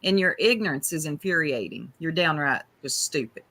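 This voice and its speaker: Woman stream co-host, bright tense voice, mocking and laughing often. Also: sits low, animated, normal speed. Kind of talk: casual live-stream commentary.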